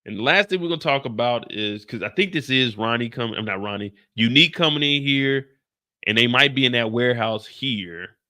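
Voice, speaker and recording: A young man from Kansas City hosting a casual livestream, talking loud and jokey and pushing his voice up to entertain. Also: mid-range voice, fairly quick. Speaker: host of a TV show recap livestream.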